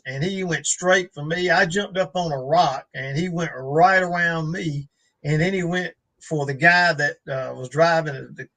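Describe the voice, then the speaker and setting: A man's voice: on the high side, sharp tone, rough recording. A man tells a rambling story on a live show, full of fillers and restarts. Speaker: guest. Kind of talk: casual storytelling on a live stream.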